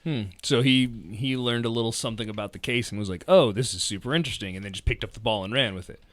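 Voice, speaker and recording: A man on a podcast in a studio, chatting casually with wry reactions and quick asides. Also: mid-range voice, fairly even intonation, fairly bright tone. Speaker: podcast participant. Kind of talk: casual chat.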